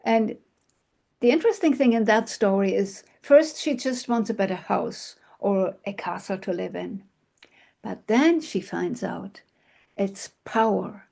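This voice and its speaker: A woman telling a fairy tale aloud, in a slow, expressive manner with hushed moments. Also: mid-range voice, creaky. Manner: slow, expressive, with soft sighs and hushed passages. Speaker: storyteller. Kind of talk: oral fairy-tale storytelling.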